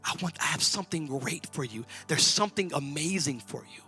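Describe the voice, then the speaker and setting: Man, preacher, sermon, bright forceful voice, shouts and whispers, casual speech, faint music behind. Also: a little high, a little fast. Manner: swings from shouting to whispering, colloquial and animated. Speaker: pastor. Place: church sanctuary.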